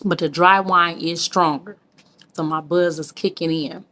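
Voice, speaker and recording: A woman vlogger from Michigan, her fairly low voice steady, measured, and sharp in tone, pours out heartfelt words. She gets emotional and preachy in casual talk, referring to her audience as kings and queens.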